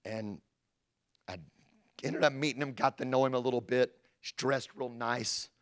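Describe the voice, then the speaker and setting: Animated man telling a story. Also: medium pitch, normal speed, clear, resonant tone. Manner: animated, acts out quoted dialogue. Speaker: storyteller recounting his sales career. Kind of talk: energetic personal storytelling.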